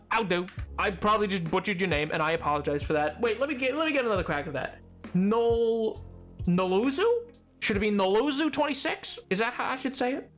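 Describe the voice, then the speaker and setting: A man streaming a game, chatting in an animated, rambling way and often cutting himself off mid-sentence. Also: sits high. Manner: animated, rambling, self-interrupting. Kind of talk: casual chat while gaming.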